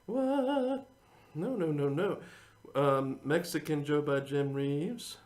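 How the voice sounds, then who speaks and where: A man with a higher-than-usual voice who hosts his own show as a singer-songwriter. He rambles from one thought to the next in loose casual chat. He chuckles often and keeps calling his viewers folks. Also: slow, darkish tone.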